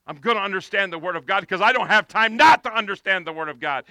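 A male preacher with a very high, piercingly bright voice, delivering an impassioned sermon outdoors. His tone is smooth and clear, the sound close and dry, and he swells into pleading shouts. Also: fast talker, no room sound.

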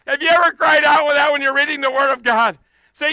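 Preacher, man, very high and bright, clean dry close sound, sermon outdoors, builds to impassioned pleading. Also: steady tone, quick pace, no room sound. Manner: impassioned, rising to pleading shouts.

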